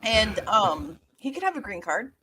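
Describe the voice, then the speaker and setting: A woman's voice: mid-range voice, big pitch swings, a little slow, bright, forceful tone, a little hiss or hum. A woman co-hosting a casual movie podcast, rambling and searching for words. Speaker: podcast co-host.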